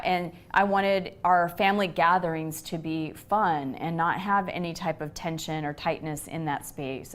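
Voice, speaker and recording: A middle-aged woman talks through a personal story in an easy conversational way, her voice sitting a little low. She slips in and out of the voices of the people she quotes, giving the telling an animated feel. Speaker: host.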